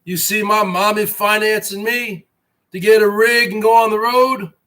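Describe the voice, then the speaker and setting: A man's voice: sits high, fairly even intonation, normal speed, bright, forceful tone. A man hosting an online show, delivering a mocking, repetitive rant at rivals and calling them brother. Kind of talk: ranting monologue to viewers.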